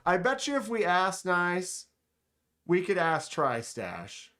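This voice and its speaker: A man as a smooth-voiced, slow-talking livestream host. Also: high voice, wildly swooping pitch, pushed and bright. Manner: chatty, enthusiastic, reads chat aloud. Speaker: knife channel host. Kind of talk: casual livestream chat. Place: indoors at a table.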